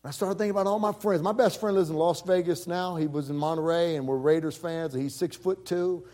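Man, preacher, lively storytelling sermon, slightly high voice, acts out quotes. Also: brisk. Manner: animated, acts out quoted voices, repeats words. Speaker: pastor.

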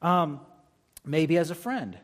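A man's voice: on the high side, sing-song, slow pace. A man preaching a sermon as pastor, talking conversationally and reading scripture aloud between his points.

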